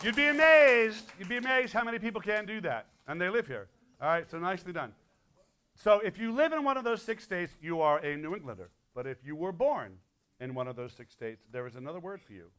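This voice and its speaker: Bright, high-voiced man in his sixties. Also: very animated, clear, resonant tone. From Connecticut. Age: 60s. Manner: playful, teasing, quick asides. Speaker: folk musician and guest performer. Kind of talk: joking stage patter to a school audience. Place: school hall, live audience.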